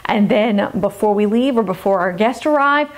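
A woman hosting a cooking demonstration as a dietitian, bubbly and gushing with excitement. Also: mid-range voice, moderate pace. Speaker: dietitian cooking show host.

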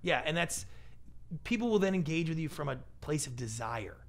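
A man being interviewed on a podcast, an animated storyteller who acts out the voices of the people he quotes. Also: fairly high pitch, normal speed, creaky. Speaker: guest, pitch expert and TV producer.

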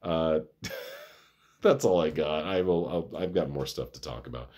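A middle-aged man tells a long, wandering story in a personal vlog. His voice sits extremely low, with a rough, husky edge. He laughs often and swears without care. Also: a little slow, a little mellow. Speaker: vlogger.

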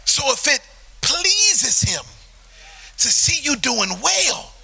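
A man preaching a sermon as pastor, telling a story in an animated way that swells into shouting. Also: extremely high pitch, slow, gravelly. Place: church sanctuary.

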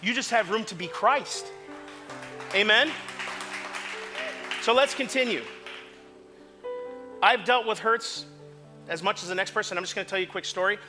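A male pastor preaching an impassioned sermon in a church, moving from quiet asides to shouts. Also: high voice, moderate pace, long pauses, music in the background, crowd noise. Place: church sanctuary.

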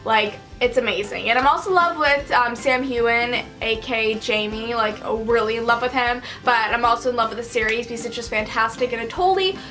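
A woman's voice: on the high side, brisk, hardly any pauses, pushed and bright, faint music behind. A young woman vlogging a casual reaction, gushing and giggly, with lots of "like". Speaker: book vlogger. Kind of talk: excited casual vlog reaction.

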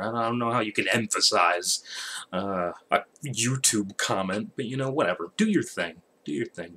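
A man's voice: on the low side, fairly bright tone, breathy edge. Male channel host, loose and profane, drifts off topic in a late-night casual update. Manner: rambling, profane, joking.

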